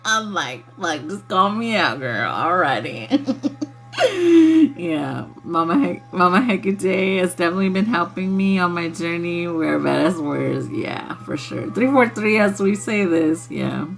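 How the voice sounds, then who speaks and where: A woman's voice: mid-range voice, creaky, a bit bright. A woman hosting a casual spiritual livestream who laughs often and swears freely in a loose, playful way. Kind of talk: casual chat with viewers.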